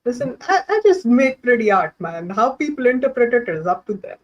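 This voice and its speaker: A man with an Indian English accent chats as a tabletop player, easygoing and agreeable with short replies. His voice is quite high for a man. The sound is dull and lo-fi. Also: big pitch swings, a little fast, slight background noise. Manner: laid-back, agreeable, brief replies. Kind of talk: casual game chat.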